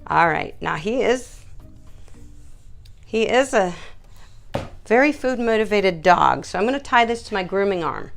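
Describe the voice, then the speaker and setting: A woman's voice: expressive, unhurried, vocal fry, long pauses, faint music behind. A middle-aged woman dog groomer talking through a how-to video, coaxing and soothing a frightened dog as she works. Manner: soothing, coaxing, talks to the dog in a high sing-song.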